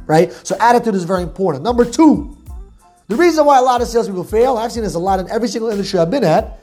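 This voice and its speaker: A man with a warm, relaxed tone delivers a motivational sales talk. He talks bluntly, drops the odd curse, and stacks up repetitive lists to drive each point home. Faint music plays softly behind him. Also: high voice, rapid-fire. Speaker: sales coach.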